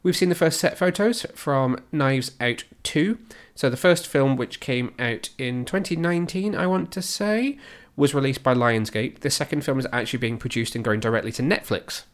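A man's voice: medium pitch, moderate pace, hardly any pauses. A man hosting a podcast, chatting casually and jokily about film news and trailers. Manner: chatty, joking, rattles off news. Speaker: podcast host.

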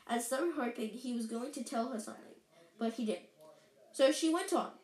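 A woman's voice: a little high, animated, normal speed. A woman reading a story aloud, with small slips and restarts. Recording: roomy echo.

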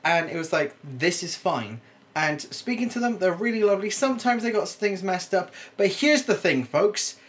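A man's voice: sits high, expressive, normal speed, few pauses, a bit bright. A young man, chatting casually and rambling with frequent restarts. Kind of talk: casual chat.

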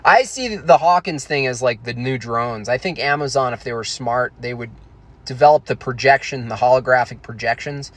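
A man talks loosely and casually, rambling from one thought to the next. He is irreverent and jokey, with an ordinary mid-pitched voice. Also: normal speed, fairly bright tone. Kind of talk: casual chat.

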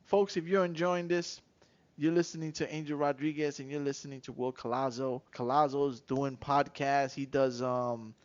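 A man hosting a casual podcast, telling animated street stories and acting out voices. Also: medium pitch, normal speed, lo-fi sound. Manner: animated storyteller who acts out voices and shouts. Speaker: podcast host.

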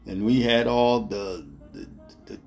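A middle-aged travel vlogger tells a rambling, casual story, repeating words and chuckling, and addresses his viewers directly as "ladies and gentlemen." His voice is gravelly, on the low side, steady and a little slow, with faint music in the background.

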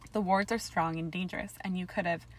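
A woman voicing a determined young witch who speaks softly and patiently but firmly in a storybook reading. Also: on the low side, fairly even intonation, a little fast, natural voice. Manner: soft, patient and firm.

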